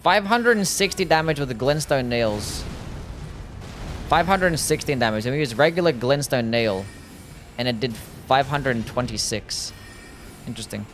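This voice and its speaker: A man with a mild Australian accent streaming a game, chatting casually and reading viewer messages aloud, easygoing and quick to laugh. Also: medium pitch, lively intonation, faint music behind. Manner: laid-back, easygoing, laughs often, loose with fillers. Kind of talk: casual livestream gameplay chat, reading chat aloud.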